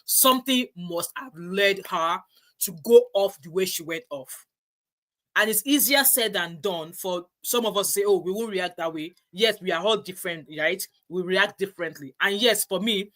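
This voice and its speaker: Lady hosting a chat, bright tense voice, says things twice for emphasis. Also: medium pitch, moderate pace. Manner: emphatic, repeats herself, rises when stirred. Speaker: host. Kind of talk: casual panel chat.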